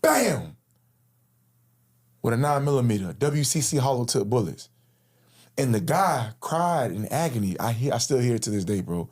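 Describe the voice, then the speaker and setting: A man with a slightly husky voice tells a story from his own life, in casual, slangy speech. His pitch swings widely as he acts out what others said. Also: expressive, fairly quick, darkish tone. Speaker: interview guest. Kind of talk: personal storytelling in conversation.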